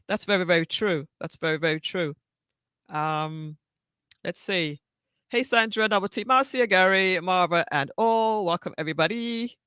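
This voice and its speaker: A woman's voice: mid-range voice, fairly bright tone, no room sound, studio quality. A woman teaching social media on a live stream, chatting with viewers, greeting them by name and repeating her phrases. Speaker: social media tutor hosting a live session. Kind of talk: live-stream tutorial chat.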